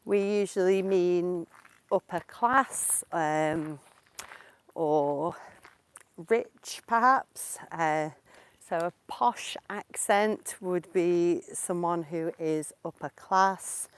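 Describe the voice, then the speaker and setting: An English teacher from England, a woman with a lowish voice, speaks slowly and clearly as she explains things and answers viewer questions. She's giving a casual live-stream lesson while walking outdoors in the countryside, using a portable mic.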